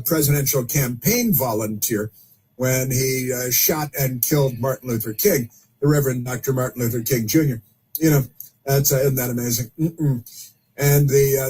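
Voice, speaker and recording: Male host, husky, sarcastic, combative commentary delivery. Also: medium pitch, a little mellow. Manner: combative, sarcastic, rambling asides. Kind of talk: political commentary monologue.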